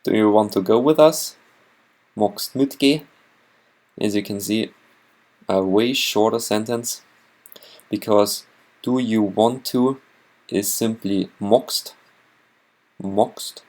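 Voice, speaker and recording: A man with a Bavarian accent, teaching a language lesson in a slow, careful, word-by-word way. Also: fairly low pitch, a little mellow, poor audio. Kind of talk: scripted lesson narration.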